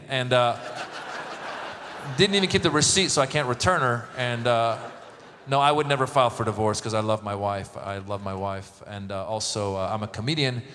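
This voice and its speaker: A man's voice: mid-range voice, a bit bright, a little hiss or hum. A middle-aged male stand-up comedian from Iran performing a set before a live audience, joking with the crowd and acting out voices. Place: large event hall with a live audience. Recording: echoey live hall, crowd.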